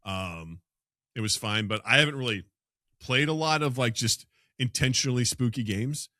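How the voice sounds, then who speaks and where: A man co-hosting a podcast, chatting casually and telling animated stories with loud, high impressions of startled people. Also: moderate pace, dry recording, studio quality. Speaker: podcast co-host. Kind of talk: casual chat.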